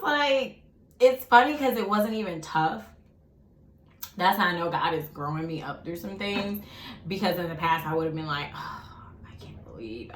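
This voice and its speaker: A young woman talks casually to her viewers between bites, chatty and quick to laugh. Her voice sits a little low but swoops up and down with lots of expression. The sound carries a noticeable room echo. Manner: chatty and animated, laughing often, talking while eating. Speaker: vlogger. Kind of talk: casual mukbang chat. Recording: echoey room.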